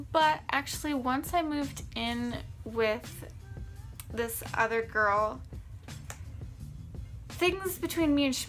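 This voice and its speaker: Candid high-voiced young woman vlogger. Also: a bit bright. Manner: candid, rambling, hesitant. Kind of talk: storytime vlog.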